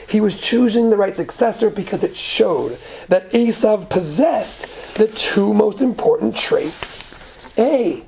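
A woman's voice: mid-range voice, gravelly, darkish tone, slight background noise. A woman teaching a Torah lesson, reading Hebrew verses and explaining them in English. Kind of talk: lecture on Genesis text.

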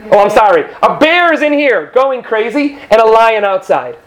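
A man teaching a Torah class to women, lively, acting out quoted speakers and often checking in with his listeners. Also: extremely high pitch, normal speed.

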